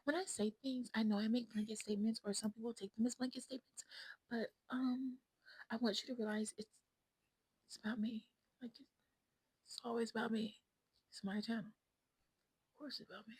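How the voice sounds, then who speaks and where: A woman's voice: on the high side, steady tone, a little fast, long pauses, darkish tone, slightly rough, no room sound, rough recording. A woman vlogging in a casual, rambling chat to her viewers. She talks bluntly and often drops to a whisper.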